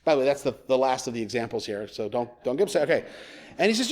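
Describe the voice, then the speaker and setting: A man's voice: mid-range voice, lively intonation, quick pace, a little mellow. A man in a church sanctuary, giving a conversational sermon as a rabbi with joking asides. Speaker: rabbi, guest preacher.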